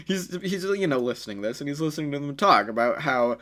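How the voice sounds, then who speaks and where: Guy rambling thru a fan what-if story, lots of likes and restarts, pitch bouncing around. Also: expressive, quick pace, sharp tone. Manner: rambling, filler-heavy, self-correcting. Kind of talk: casual improvised story narration.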